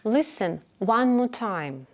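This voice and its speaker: A woman teaching beginner English, speaking clearly and patiently and repeating phrases for learners to follow. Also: fairly high pitch, very animated, slow. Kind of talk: slow instructional narration.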